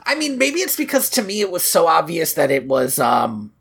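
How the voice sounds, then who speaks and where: Woman, podcast co-host, husky lowish voice, swooping pitch, chatty animated recap. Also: normal speed. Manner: animated, laughing, swearing, quoting lines in funny voices. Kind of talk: casual movie recap chat.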